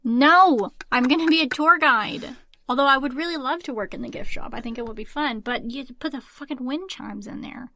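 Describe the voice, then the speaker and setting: Brief: bright-toned woman podcast co-host, a touch high, mock-grumpy, dry sound. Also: normal speed, dry recording. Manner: animated, mock-exasperated. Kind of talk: casual chat.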